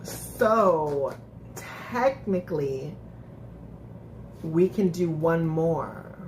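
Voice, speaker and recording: A woman's voice: low voice, expressive, drawn-out words, slight background noise. A woman hosting a casual live-stream recap, chatting with viewers, laughing often and restarting her sentences. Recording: echoey room.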